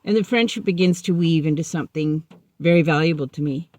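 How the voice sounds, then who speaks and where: A woman's voice: low-pitched, a little fast, dry recording. A woman sharing a personal recovery story in a candid, self-mocking way, acting out remembered conversations. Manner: animated, acts out remembered dialogue.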